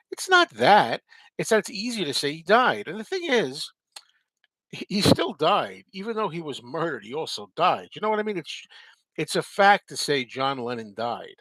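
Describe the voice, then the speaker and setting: A man's voice: fairly high pitch, sing-song, normal speed, fairly bright tone. Guy chatting on his stream, repeats himself a lot, rambly, no room echo at all. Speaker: host answering viewer comments. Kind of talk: casual live chat.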